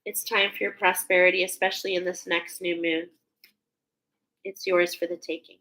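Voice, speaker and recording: A woman's voice: fairly low pitch, flat delivery, normal speed, pushed and bright, low-quality recording. A woman giving a live spiritual card reading, gushing and emotional as she describes the images she sees. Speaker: intuitive card reader. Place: live stream at home.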